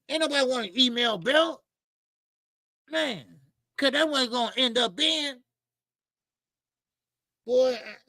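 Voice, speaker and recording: Gravelly high-voiced man ranting about boxing. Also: no room sound. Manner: animated, blunt and profane, ranting. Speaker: boxing show host. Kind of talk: casual boxing commentary.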